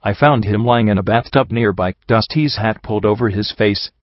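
A man narrating a first-person fantasy story as an audiobook reader, in a steady dramatic reading. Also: on the low side, moderate pace, no room sound, highs cut off.

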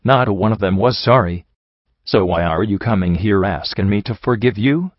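A man's voice: fairly low pitch, moderate pace, no room sound, close to an everyday voice. A man voicing a bitter, injured young female pony who talks in blunt, folksy backwoods grammar, in a dull, slightly muffled recording.

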